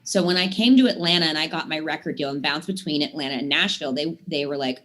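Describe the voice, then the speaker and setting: She's a singer in her thirties visiting a talk show, and her long, wandering anecdotes are stuffed with "I mean" and "like" fillers. Her low voice rushes along with few pauses and has a bit of brightness.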